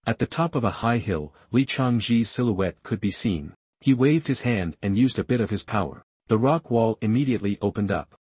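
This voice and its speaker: A man narrating a comic recap in a steady, scripted storytelling manner. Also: on the low side, moderate pace, few pauses, slightly rough, no room sound.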